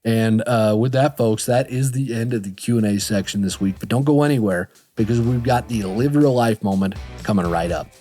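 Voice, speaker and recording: A man's voice: fairly low pitch, normal speed, few pauses, dark tone, soft background music. Chatty man hosting a podcast. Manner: chatty, joking, self-deprecating. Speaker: podcast host. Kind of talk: casual podcast talk.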